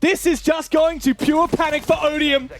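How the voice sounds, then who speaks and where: A man doing fast play-by-play esports commentary, building to shouts at big plays. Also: very high-pitched, little pitch movement, heavy background noise. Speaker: play-by-play caster.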